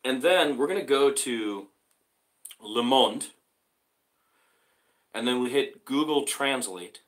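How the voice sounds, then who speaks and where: A man's voice: mid-range voice, expressive, low-quality recording. A man hosting his own small show, reading a newspaper article aloud and breaking off to comment, with hesitant fillers and restarts. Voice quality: halting, with frequent fillers and restarts. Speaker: host.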